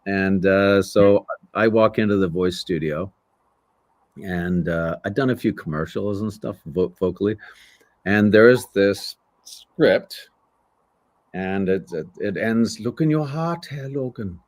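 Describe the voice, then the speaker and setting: Older male voice actor, low voice, dry close sound, lively anecdotal storyteller. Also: a little slow, no echo. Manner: animated storyteller who acts out voices. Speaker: voice actor guest. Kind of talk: casual interview storytelling.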